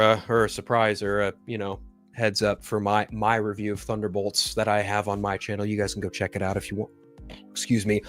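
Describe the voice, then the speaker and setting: An enthusiastic man chats casually about a superhero movie he loved, cursing for emphasis and stumbling through repeated restarts. His voice sits in an ordinary middle range. Faint music plays quietly underneath. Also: mid-range voice. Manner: enthusiastic, profane, rambling with restarts. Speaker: movie review vlogger.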